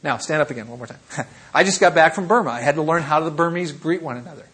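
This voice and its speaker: American male lecturer, husky voice pitched a bit high, lively classroom delivery with acted-out examples. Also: quick pace. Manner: animated, playful teacher acting out examples. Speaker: missions lecturer.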